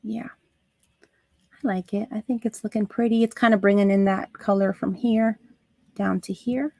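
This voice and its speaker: A woman hosting a live crafting stream, chatting to her viewers as she works, with soft asides under her breath. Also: medium pitch, fairly even intonation, moderate pace, creaky, no echo. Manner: talks to chat viewers while working, soft asides. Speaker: craft livestream host.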